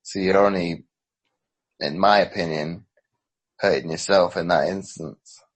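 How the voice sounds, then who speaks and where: Deep-voiced guy, half british half american accent, sighs and stops a lot. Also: fairly even intonation, measured pace, low-quality recording. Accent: hybrid British and American. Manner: hesitant, restarts and sighs. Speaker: podcast host. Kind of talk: casual conversation.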